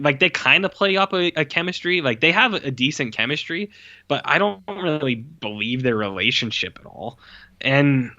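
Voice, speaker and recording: A man on a casual podcast gives a blunt, profane review and mimics the characters to mock them. His voice is bright and forward. The recording is dull and dry, with no room sound. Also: medium pitch, dry recording. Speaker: podcast co-host. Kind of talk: casual film review chat.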